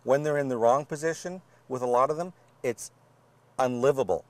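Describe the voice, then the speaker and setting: A man's voice: medium pitch, normal speed, no room sound. Dry-witted Canadian man on a car show. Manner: practical, dry quips. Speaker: car review co-host. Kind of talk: casual banter reviewing a vehicle.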